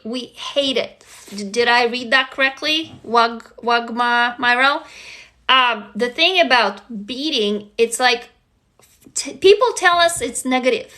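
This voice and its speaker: Bright, chatty woman from Russia. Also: high-pitched. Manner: chatty, frank, swears, answers viewer comments. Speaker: livestream host. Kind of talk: casual livestream chat.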